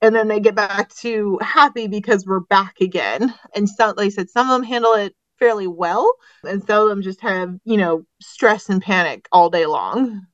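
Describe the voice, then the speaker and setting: A woman's voice: mid-range voice, moderate pace, fairly bright tone, no room sound, dull audio. A woman veterinarian guest on a podcast, explaining and giving advice informally. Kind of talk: casual interview chat.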